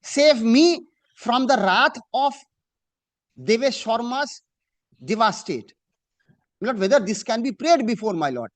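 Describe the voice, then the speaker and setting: A man, arguing a case before a judge in a courtroom, deferential and emphatic, slowing down to read judgments aloud. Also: very high voice, sing-song. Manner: deferential, addressing the bench as "my lord" again and again; slow and emphatic when reading out judgments. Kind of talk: formal courtroom argument.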